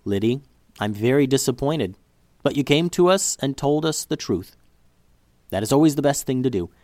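A calm, fair mother laying down the rules in a storybook, read by a man in his own voice. Her speech is measured and gently firm, with a lively rise and fall. The recording is dry. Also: medium pitch, dry recording, close to an everyday voice.

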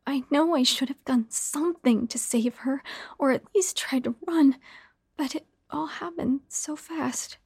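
A woman narrating a first-person horror story in a hushed, half-whispered delivery. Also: sits high, a little slow, dry recording, clean studio sound.

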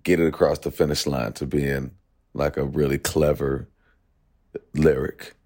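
A young man, a musician, talking in a relaxed, reflective way during an interview, thinking aloud with plenty of fillers. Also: very deep voice, a little slow. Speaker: musician guest. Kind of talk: casual interview talk.

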